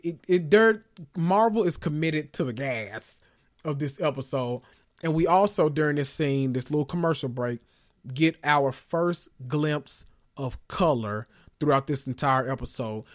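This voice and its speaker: A man hosting a casual recap, animated and joking, with frequent profanity. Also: a little high. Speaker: podcast host recapping a TV episode. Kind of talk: casual chat.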